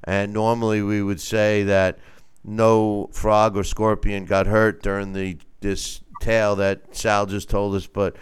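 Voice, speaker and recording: A man hosting a casual sports talk show, speaking animatedly and wryly, with halting fillers. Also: fairly low pitch, flat delivery, clean tone. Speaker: host. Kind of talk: casual sports radio chat.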